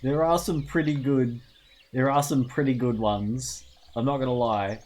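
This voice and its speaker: A man's voice: medium pitch, steady tone, moderate pace, a little mellow. A young Australian man commenting casually on a video game, with loose, profane banter. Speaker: gaming streamer. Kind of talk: let's play commentary.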